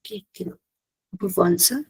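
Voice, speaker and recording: A woman giving an academic slide presentation, hesitant, often pausing with "okay" and restarting her phrases. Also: lowish voice, vocal fry, slightly rough, poor audio. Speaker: conference presenter.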